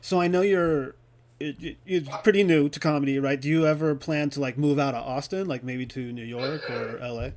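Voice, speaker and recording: A man's voice: fairly high pitch, fairly even intonation, fairly quick, a little mellow. A man hosting a podcast in casual chat, mostly answering briefly and laughing along. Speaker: podcast host. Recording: roomy with crowd noise behind.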